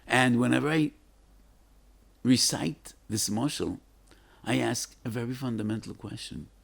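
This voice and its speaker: A man's voice: mid-range voice, measured pace, vocal fry, husky. An older man, a rabbi giving a class, telling stories in an earnest, emphatic way and mixing Hebrew and Yiddish terms into his English. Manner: earnest and emphatic, with rising, pleading questions. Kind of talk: storytelling Torah lecture.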